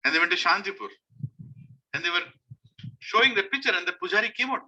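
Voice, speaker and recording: Indian man preaching, high sharp voice, hammers points home by repeating them. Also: animated, fairly quick, long pauses, breathy edge, rough recording. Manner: emphatic, repeats key phrases. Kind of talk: devotional sermon to a congregation.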